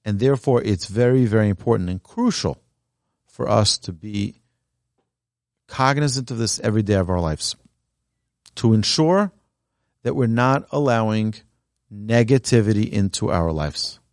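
Earnest rabbi, lower voice, dry sound. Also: male voice, animated, moderate pace, pauses often, no room sound. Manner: earnest, exhortative, tells stories with emphatic rises. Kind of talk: Torah class talk with storytelling. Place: Torah learning center, indoors. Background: live audience present.

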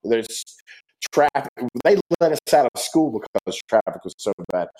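Man, interview guest, medium pitch, rambling, earnest, casual storytelling. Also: expressive, moderate pace, darkish tone, rough recording. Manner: rambling, with many fillers and restarts, earnest. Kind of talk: casual storytelling and heartfelt reflection.

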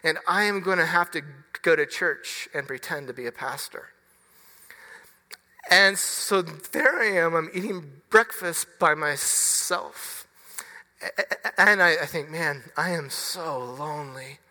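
A male pastor delivers his sermon at an unhurried pace, earnest and halting, often breaking off and restarting words. His voice is bright and forward, and it rings with the long reverb of a church hall. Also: a little high. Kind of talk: sermon with personal story.

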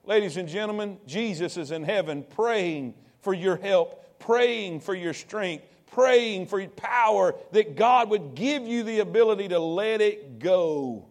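Male pastor, high-pitched, repetitive and emphatic preaching. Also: lively intonation, unhurried, few pauses. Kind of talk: sermon.

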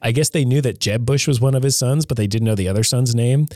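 A man's voice: medium pitch, fast talker, dark tone, no room sound, studio quality. A young man co-hosting a casual podcast chat, rambling as he retells scenes. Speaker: podcast co-host.

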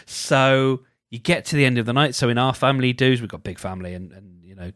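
A British man talking on his own in a casual, rambling way, restarting sentences often and getting animated as he goes. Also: mid-range voice, fast, no room sound, studio quality. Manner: rambling, animated, self-interrupting. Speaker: podcast host. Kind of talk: casual solo chat.

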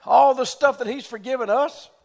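High-voiced man preaching. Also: steady tone, normal speed, vocal fry. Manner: fervent preaching, often shouting. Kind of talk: sermon.

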